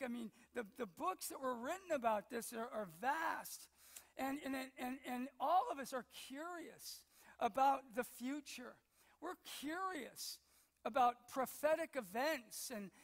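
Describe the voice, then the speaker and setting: Older male pastor, high-pitched, anecdotal sermon delivery with repeated words, long church reverb. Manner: storytelling, acts out quotes, repeats words. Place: church sanctuary.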